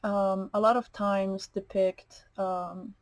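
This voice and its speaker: A woman's voice: mid-range voice, flat delivery, slow, dry recording, poor audio. A woman giving a tarot card reading, slightly nasal, meandering, with many fillers and restarts. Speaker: tarot reader.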